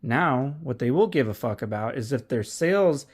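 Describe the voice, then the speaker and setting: A man's voice: medium pitch, expressive, moderate pace, slightly rough. A man talking casually as an online reseller, candid and profane, rambling with frequent restarts. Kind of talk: casual vlog commentary.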